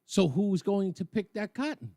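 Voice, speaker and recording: A man's voice: high-pitched, sing-song, normal speed, mellow, dry recording. A man hosting a talk radio show, delivering a colloquial opinion monologue with mocking asides into a studio microphone.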